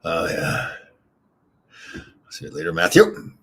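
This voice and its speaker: A middle-aged man hosts a rambling, casual live stream, reading chat comments aloud and giggling often between lines. His low, gravelly voice swings hugely in pitch, moves slowly, and has a fairly bright tone, with a little hiss or hum in the background.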